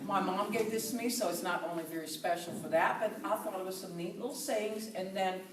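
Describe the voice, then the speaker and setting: A woman in her fifties from the southern Netherlands with a Dutch accent, giving a chatty, lively talk to a group and laughing often. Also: mid-range voice, a little fast, noisy background. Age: 50s. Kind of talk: casual talk to an audience. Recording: echoey room, from far off.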